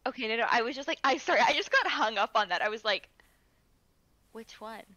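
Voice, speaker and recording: Woman, game-stream co-player, playful jokester; high bright voice. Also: expressive, very fast, no echo. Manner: playful, joking. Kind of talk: casual chat.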